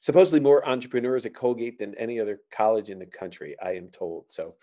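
Fast-talking and expressive, this middle-aged man has a fairly low, dark voice. Hosting his podcast, the stand-up comic tells meandering, joke-filled stories in casual chat, heavy on fillers.

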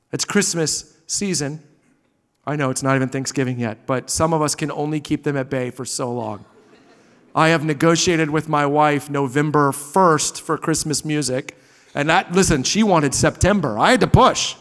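A male pastor delivers a sermon with a fairly high voice. He swings dramatically between loud exclamations and hushed, quiet passages. The sound carries the long reverb of a large hall. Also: moderate pace.

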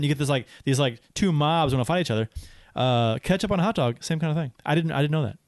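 A man's voice: fairly high pitch, fast talker, no echo, studio quality. A man co-hosting a casual hockey podcast, rambling with many restarts. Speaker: podcast co-host.

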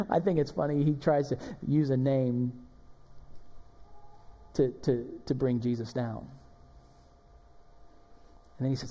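A man preaching a sermon as pastor, animated and emphatic, acting out the people in the passage. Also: mid-range voice, takes it slowly, long pauses. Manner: animated, emphatic preaching with dramatic quoted voices. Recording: long hall reverb.

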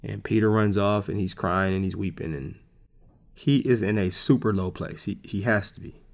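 A man's voice: on the low side, normal speed, vocal fry. A man preaching a casual sermon, talking conversationally and repeating words for emphasis.

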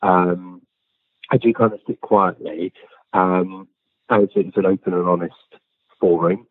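Over a tinny, dry phone line, a man who works as a physical medium talks as an interview guest, telling stories in a relaxed, conversational way. He speaks plainly and earnestly but a bit slowly, in a low, steady voice, with frequent ums and restarts.

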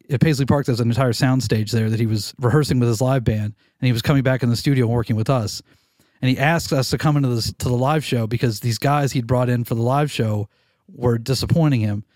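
Male studio engineer guest, candid and profane, lively storyteller, close and dry. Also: medium pitch, dry recording. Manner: animated, candid storyteller who swears casually and restarts sentences. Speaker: recording engineer, podcast guest. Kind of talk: casual storytelling interview.

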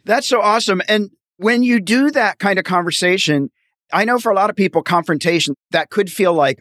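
A man's voice: high-pitched, normal speed, fairly bright tone, no room sound, studio quality. A man hosting an interview, chatting casually and acting out quoted voices in a friendly way. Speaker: podcast host and accountant.

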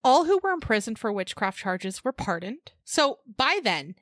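A woman's voice: a little high, very animated, moderate pace, fairly bright tone, no room sound, clean studio sound. A young woman co-hosting a podcast, reading history notes with casual asides and frequent laughs. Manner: chatty, laughs often, reads notes with asides. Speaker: podcast co-host. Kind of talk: casual chat and read history.

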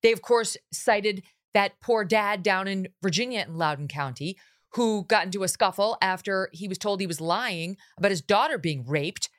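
A woman's voice: medium pitch, normal speed. A woman hosting a political talk show, talking with sarcasm and mocking asides. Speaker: host.

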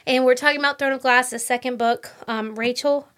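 A fairly high-voiced woman co-hosting a podcast in casual book chat. She rambles cheerfully and laughs often. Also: fairly even intonation, brisk, a bit bright. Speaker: podcast co-host.

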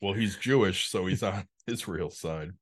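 A man's voice: sits low, unhurried, breathy edge. A man co-hosting a podcast in casual chat, telling blunt stories and swearing freely. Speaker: podcast co-host.

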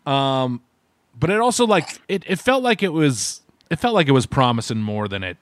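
A man's voice: mid-range voice, sing-song, normal speed, no echo. A man co-hosting a podcast, giving a rambling, meandering casual food review. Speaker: podcast co-host. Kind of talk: casual chat.

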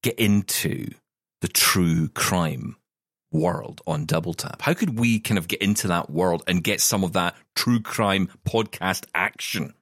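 Man, podcast co-host, low voice, wry self-deprecating banter, dry close mic. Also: a little slow, fairly bright tone, no echo. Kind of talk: casual chat.

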